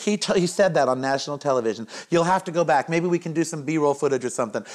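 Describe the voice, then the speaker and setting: Sarcastic ranting man, higher voice. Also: animated, fast talker. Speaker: host. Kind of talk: casual opinion monologue.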